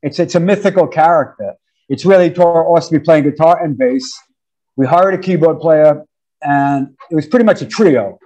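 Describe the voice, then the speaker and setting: Male guest in his 50s from New York; high-ish, mellow voice, loose anecdotal delivery. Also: moderate pace, dull audio. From New York, USA. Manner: animated, laughing, slangy. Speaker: drummer, interview guest. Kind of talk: casual storytelling interview.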